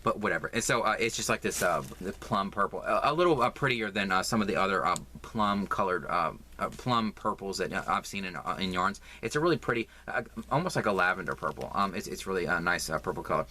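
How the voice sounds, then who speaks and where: A man from the American South with a Southern accent, chatting in a halting way about a yarn haul, full of fillers and restarts. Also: low-pitched, animated, pushed and bright. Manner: halting, lots of fillers and repeats. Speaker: crafting vlogger. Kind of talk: casual yarn haul chat.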